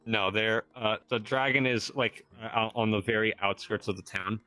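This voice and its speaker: A man narrating as game master, halting with many fillers and laughs. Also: lowish voice, steady tone, sharp tone, no echo, soft background music. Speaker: dungeon master.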